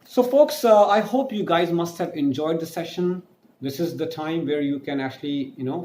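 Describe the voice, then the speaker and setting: A male teacher giving a recorded online French lesson, explaining slowly, spelling words out letter by letter and answering his own questions. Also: mid-range voice, darkish tone. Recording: echoey room with faint noise.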